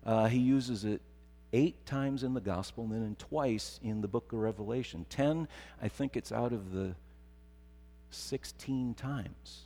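A man's voice: mid-range voice, a little slow, dark tone. A middle-aged man preaching a sermon, telling stories and building to emphatic repetition. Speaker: pastor. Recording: long hall reverb.

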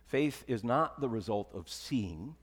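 A man's voice: animated, measured pace, slightly rough. Man preaching in a reverberant church. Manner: conversational preaching, dropping to soft emphatic lows. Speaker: pastor. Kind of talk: sermon.

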